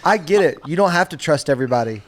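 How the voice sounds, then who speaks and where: A male podcast co-host arguing his side in a casual mock debate, persuasive and fond of dramatic pauses. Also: a little high, animated, a little hiss or hum.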